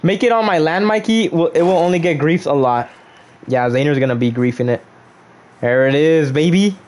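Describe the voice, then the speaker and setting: A young man casually commentating his own game livestream, playful and animated as he jokes with viewers. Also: a little high, brisk. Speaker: streamer.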